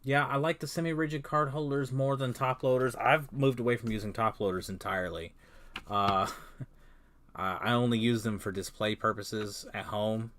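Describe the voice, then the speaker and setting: A man chatting casually on a livestream while he sorts cards, rambling with many pauses and restarts. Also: mid-range voice, steady tone, a bit bright, slight background noise. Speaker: card-business streamer.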